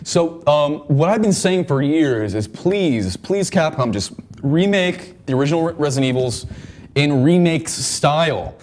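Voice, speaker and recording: A man co-hosting a gaming podcast in casual chat, rambling and repeating words as he gets excited about game news. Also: on the high side, unhurried, a little hiss or hum. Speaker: podcast co-host.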